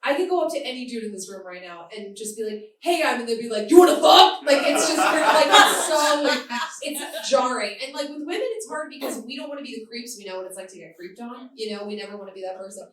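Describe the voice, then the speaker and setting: A woman's voice: on the high side, lively intonation, fast, a bit bright, distant mic. A woman from the Boston area doing candid, self-mocking stand-up comedy on a club stage, laughing often. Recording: roomy live club, heard from afar.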